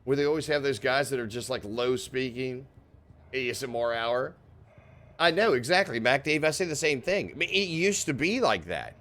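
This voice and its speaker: A man's voice: mid-range voice, fairly bright tone. A man live-streaming a game, chatting casually with viewers in a rambling way, laughing often and swearing mildly, on a studio microphone. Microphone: diaphragm studio microphone.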